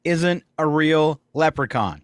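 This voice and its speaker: A man hosting a radio morning show, joking and reading gags with fillers and pauses. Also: a little high, expressive, no echo, studio quality. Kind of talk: casual radio banter. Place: radio studio. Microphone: studio microphone.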